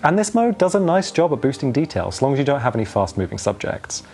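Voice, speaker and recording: A man giving a scripted tech review in a clear, measured and lightly wry way, filmed outdoors on a phone's own microphone. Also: medium pitch, sing-song, a little mellow. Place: outdoors in wind. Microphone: phone's built-in microphone.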